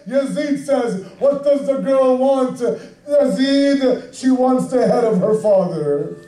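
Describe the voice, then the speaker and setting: A man with a very high but dark-toned voice narrates an emotional mourning sermon. He draws out his phrases. The sound comes from far off in an echoey room. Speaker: mourning preacher.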